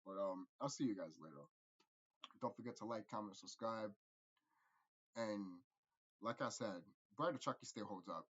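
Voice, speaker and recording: A man rambling through a casual movie review, profane and animated, laughing often. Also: lowish voice, moderate pace, long pauses, slightly rough, dull audio.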